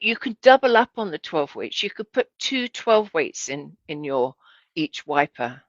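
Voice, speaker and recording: A woman's voice: lowish voice, no echo, muffled recording. A woman giving a casual, chatty demonstration lesson as a sewing instructor, correcting herself and asking viewers to look.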